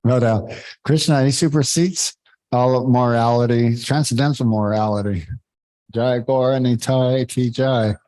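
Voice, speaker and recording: A man leading a devotional scripture class, talking informally and haltingly, searching for words and chuckling between points. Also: medium pitch, fairly even intonation, dark tone, no echo, poor audio.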